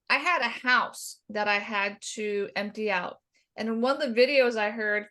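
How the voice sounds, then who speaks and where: A middle-aged woman with a slightly high voice tells her own story as a podcast guest. She is animated and self-deprecating, and she briefly acts out the people she quotes. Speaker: guest dietitian.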